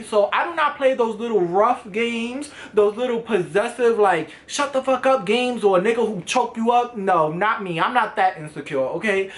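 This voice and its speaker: Animated young man telling a story. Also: high-pitched. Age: 20s. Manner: animated, profane, dramatic, acting out other people's voices. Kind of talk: casual storytime. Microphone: camera vlog setup.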